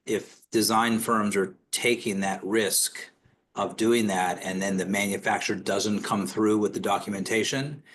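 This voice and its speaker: A man with a fairly low voice asks a long, winding question in a webinar, clearing his throat as he goes. A faint noise sits under his voice. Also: steady tone, measured pace, a bit bright. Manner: rambling, repeatedly clears throat. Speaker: webinar participant asking a question. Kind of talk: casual spoken question.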